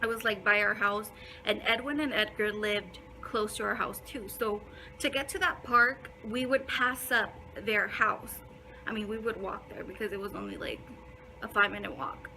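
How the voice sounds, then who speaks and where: A woman's voice: mid-range voice, fairly even intonation, normal speed, creaky, sharp tone, slight background noise, rough recording. A young woman telling a casual storytime in a blunt way, swearing a lot and filling her talk with "like". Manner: blunt, heavy swearing, many fillers. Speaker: vlogger.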